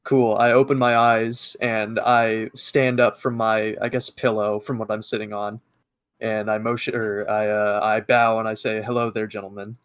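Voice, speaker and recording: A man's voice: lowish voice, level tone, unhurried, a bit bright, clean tone, dry recording. Man, tabletop player, hesitant, dry close sound. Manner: hesitant, feeling his way. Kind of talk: introducing a character in a tabletop game.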